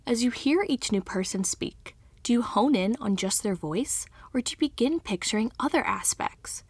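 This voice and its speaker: Lively-voiced woman hosting a podcast. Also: fairly high pitch, normal speed, slightly rough. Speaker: podcast co-host. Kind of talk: scripted podcast narration.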